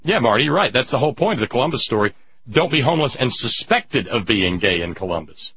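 A man's voice: mid-range voice, very animated, fast, breathy edge, dry recording. A man hosting political talk radio, emphatic and sarcastic, chatting with listeners through a dull lo-fi radio recording. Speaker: radio talk show host.

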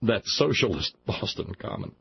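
A man's voice: fairly low pitch, very animated, moderate pace, vocal fry, muffled recording, a little hiss or hum. A man from Alabama hosting a talk radio show, reading a news story aloud and breaking off into mocking, sarcastic asides. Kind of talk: sardonic commentary on a news story.

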